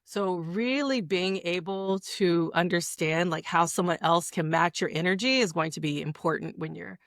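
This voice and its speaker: A woman's voice: on the low side, normal speed, fairly bright tone, no echo, clean studio sound. A woman sex educator explaining things casually, with frequent "like" and "you know" fillers. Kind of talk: conversational advice-giving.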